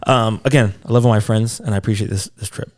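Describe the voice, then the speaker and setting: Animated man telling a story. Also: on the low side, fast talker. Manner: animated, acts out quotes, frequent swearing. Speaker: podcast co-host. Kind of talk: casual storytelling.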